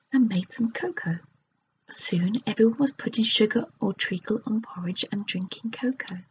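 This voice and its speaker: A woman reading a children's fairy tale aloud in a soft, unvoiced ASMR whisper. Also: medium pitch. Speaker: ASMR storyteller. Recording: dull lo-fi recording with faint hiss.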